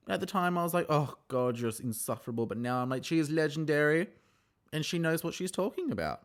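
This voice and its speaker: Animated, chatty man recapping an episode. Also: mid-range voice, fast talker, soft background music. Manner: chatty, animated, swears and laughs often, acts out quotes. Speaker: podcast host reviewing a reality show. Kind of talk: casual recap chat.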